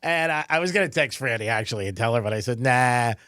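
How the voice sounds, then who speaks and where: This middle-aged man talks fast and rambles, with a lively voice that swings up and down and breaks into laughter often. His slightly high voice is recorded dry and close on a studio mic. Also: clean tone, no room sound. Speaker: radio show host. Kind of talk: casual radio banter.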